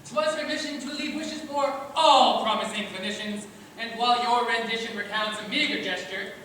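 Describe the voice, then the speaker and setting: A man acting out a pompous lawyer who speaks in theatrical rhymes. His voice is bright and sharp. He is heard from far away in a very echoey hall. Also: very high voice, normal speed, a little hiss or hum. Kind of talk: amateur stage musical acting.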